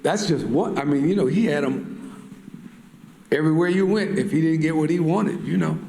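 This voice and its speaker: A man shares a story on a panel in a loose, slangy way, laughing as he goes. His voice sits a bit high for a man and carries a roomy echo over faint background ambience. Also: moderate pace, gravelly, mellow, a little hiss or hum. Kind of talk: anecdotal storytelling.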